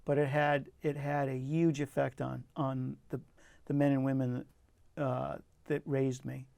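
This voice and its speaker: A man's voice: medium pitch, flat delivery, measured pace, vocal fry, a little mellow, no room sound. An older man, a poet, telling personal stories in an earnest, reflective way with frequent restarts, interviewed in a community TV studio. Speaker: poet guest.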